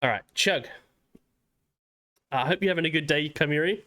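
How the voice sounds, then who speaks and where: A man's voice: a little high, normal speed, bright, forceful tone. An Australian man streaming casually, laid-back and giggly, swearing often. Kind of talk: casual livestream chat.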